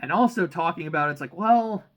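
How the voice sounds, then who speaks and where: A young man giving a casual, excitable book reaction, rambling and swearing freely. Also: fairly high pitch, brisk, rough recording. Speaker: reaction channel host.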